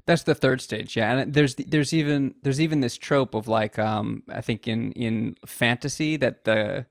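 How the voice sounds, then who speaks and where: A man hosting a casual discussion, talking in a thoughtful, measured way with frequent restarts. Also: mid-range voice, creaky, no room sound, clean studio sound.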